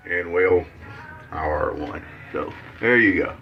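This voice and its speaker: A man's voice: fairly low pitch, lively intonation, measured pace, dull audio, faint music behind. A man from Mississippi with a Southern accent, chatting in a folksy, rambling, joking way while demonstrating a shave. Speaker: shaving vlogger. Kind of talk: casual shaving demonstration.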